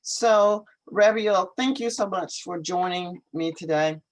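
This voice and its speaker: Slow-talking live-stream host. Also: mid-range voice, low-quality recording. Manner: thinks aloud while troubleshooting, repeats questions. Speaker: English teacher hosting a live stream. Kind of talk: casual live-stream chat. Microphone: computer video call.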